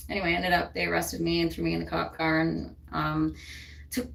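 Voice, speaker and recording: A woman's voice: low voice, little pitch movement, a little fast, vocal fry, fairly bright tone, recorded from a distance. A woman co-hosting a casual talk stream, telling her story in a heated, emphatic way. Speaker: co-host. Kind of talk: casual chat.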